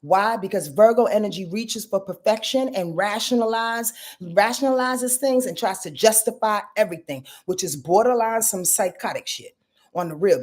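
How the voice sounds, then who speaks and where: Speaking straight to viewers as y'all and boo-boo, this woman gives a blunt, profane astrology reading on a live stream. Her mid-range voice has a darkish tone, captured on a webcam or phone mic.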